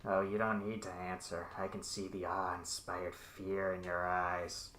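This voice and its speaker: A man's voice: low-pitched, level tone, measured pace, sharp tone, roomy sound, a little hiss or hum. A man voicing a sinister male mad scientist speaking over an intercom in a tabletop game, gloating and menacing. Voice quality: distorted, menacing. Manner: gloating then exasperated.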